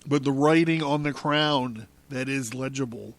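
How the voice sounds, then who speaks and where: A man's voice: medium pitch, a little slow, few pauses. A man hosting a podcast, reading a book aloud in the first person and breaking off with amused, chuckling asides. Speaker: podcast host.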